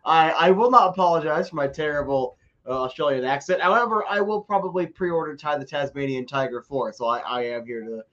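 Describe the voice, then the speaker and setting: Chatty podcast co-host, muffled audio. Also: male voice, fairly high pitch, brisk, a bit bright. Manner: chatty, self-deprecating, stammering restarts. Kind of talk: casual sports podcast chat.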